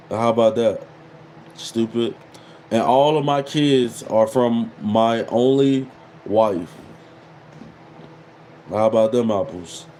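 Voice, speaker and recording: A man's voice: mid-range voice, darkish tone, a little hiss or hum, low-quality recording. A man in his thirties hosting a casual livestream, reading viewer comments and mocking them with repeated catchphrases. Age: 30s. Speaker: livestream host.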